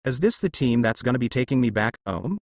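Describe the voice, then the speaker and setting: A man voicing a drunken, gruff old male bridge builder who slurs and drawls his words. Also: medium pitch, sing-song, brisk, a little mellow, no echo, studio quality. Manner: slurred, drawling speech.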